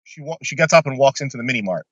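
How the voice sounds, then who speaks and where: A man's voice: medium pitch, expressive, racing, a bit bright, no room sound, highs cut off. A man casually telling a long personal story on a podcast, blunt and swearing freely.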